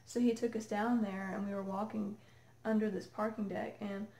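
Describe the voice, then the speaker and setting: A woman excitedly telling a rambling story to camera, full of fillers. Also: mid-range voice, moderate pace. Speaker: vlogger. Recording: echoey room.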